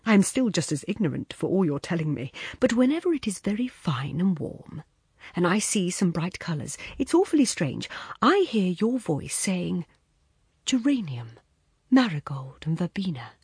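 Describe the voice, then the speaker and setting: A woman's voice: on the low side, very animated, moderate pace, darkish tone, husky, dry recording, studio quality, exaggerated voice. A woman reading the lines of a wistful, self-assured man in an audiobook story, reminiscing and lightly boastful.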